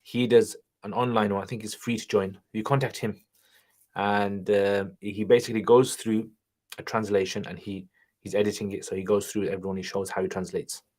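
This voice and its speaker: A man hosting a casual livestream Q&A while driving, reading viewer questions aloud and answering them in a relaxed, chatty way. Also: fairly low pitch, normal speed. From England. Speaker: channel host, Islamic teacher. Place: car, driving while streaming.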